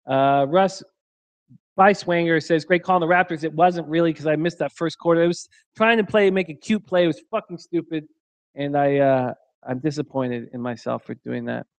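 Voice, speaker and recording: High-voiced man hosting a crude, laughing stream. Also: steady tone, moderate pace, no echo. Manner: crude, joking, laughs often. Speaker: sports betting show host. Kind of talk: live-stream chat reading. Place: hotel room.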